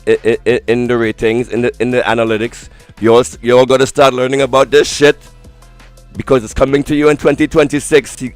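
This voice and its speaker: A man's voice: mid-range voice, dry recording. A man hosting a livestream. He reacts to a clip, jokes in a mock-dramatic way and stumbles over his words. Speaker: livestream host.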